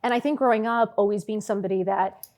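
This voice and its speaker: A woman in her fifties is talking on a podcast as a guest, telling her own story in an open, conversational way. She is animated and frank, drops "like" into almost every sentence and swears without a second thought, at a pitch that sits in the middle for a woman. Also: fast. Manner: animated, frank, swears casually, heavy use of "like".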